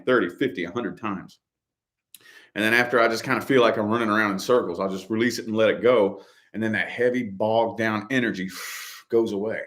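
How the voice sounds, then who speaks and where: A man's voice: fairly low pitch, fairly bright tone. A middle-aged man hosting a casual chat, talking loosely and repeating himself, full of dude and man. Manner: loose, repetitive, slangy, says dude and man. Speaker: podcast co-host.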